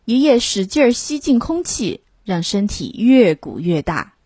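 A woman reading a children's storybook aloud, line by line in two languages, clearly and expressively. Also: medium pitch, sing-song, a little slow, dark tone, no room sound. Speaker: storybook reader.

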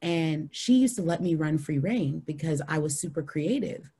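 A woman in her thirties, a podcast guest telling a story in an animated way, acting out the people she quotes. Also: normal speed, a little hiss or hum. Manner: animated, acts out quoted people in high voices.

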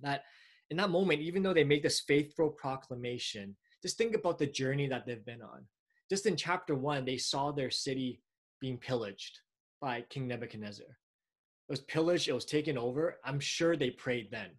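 A man preaching a sermon in a conversational way, often pausing and restarting. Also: mid-range voice. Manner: conversational, with frequent fillers and restarts.

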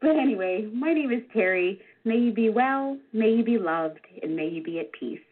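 A woman in her forties tells a funny story about herself, animated and self-deprecating. Her husky voice swoops widely up and down. It comes through a thin, phone-like line. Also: on the high side, moderate pace. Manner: animated, self-deprecating, with vivid sound words. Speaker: regular storytelling contributor. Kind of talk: personal anecdote told to listeners. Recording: tinny phone-line sound.

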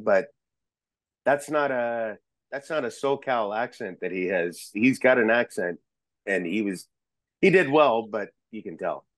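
A man chatting as a podcast guest, an excitable storyteller who rambles and restarts his sentences. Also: lowish voice, a little slow, no room sound. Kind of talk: casual chat.

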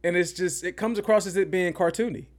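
A podcast host with a high voice talks fairly quickly through an opinionated movie review. It's a casual, rambling rant, and he repeats himself for emphasis.

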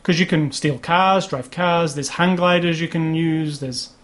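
Man, co-host, casual game chat, rambling, fairly high voice. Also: unhurried, a bit bright. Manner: rambling, with many restarts and fillers. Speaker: podcast co-host. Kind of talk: casual chat about video games.

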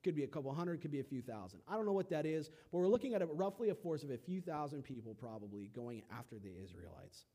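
A young man preaching a casual sermon, telling stories with animated, acted-out quotes and big swings in loudness. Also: on the high side, fast, hardly any pauses.

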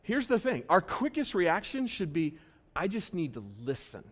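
A man with a fairly high voice preaches to his congregation like he's talking with friends. He jumps from raised, emphatic lines to hushed, earnest ones, and he keeps an easy, conversational tone. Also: very animated, normal speed. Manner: conversational preaching that swings between loud bursts and quiet asides. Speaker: pastor. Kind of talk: sermon. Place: church service.

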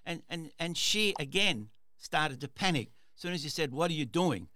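A man's voice: fairly high pitch, lively intonation, normal speed, sharp tone. A man hosting a radio talk show, telling a story in a rambling way, with repeated words and restarts. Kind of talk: casual storytelling monologue.

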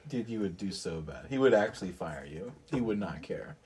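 A man's voice: deep voice, big pitch swings, normal speed, a little mellow, slight background noise. A young man co-hosting a podcast, talking bluntly and laid-back in casual chat. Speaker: podcast co-host.

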